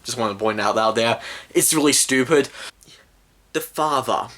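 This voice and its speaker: A man's voice: medium pitch, moderate pace, fairly bright tone. A man ranting through a movie review in an exasperated, rambling way full of fillers. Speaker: film reviewer.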